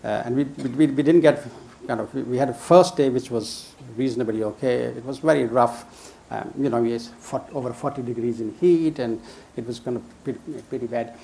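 A man's voice: mid-range voice, gravelly, mellow, a little hiss or hum. Older man telling a story, chuckling. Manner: chuckling, halting with many restarts. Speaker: storyteller guest. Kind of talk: casual anecdote telling.

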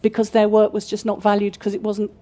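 A woman's voice: medium pitch, monotone, brisk, mellow. A woman in her sixties speaking as guest at a book festival talk, telling stories animatedly with frequent fillers. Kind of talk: festival talk answering questions.

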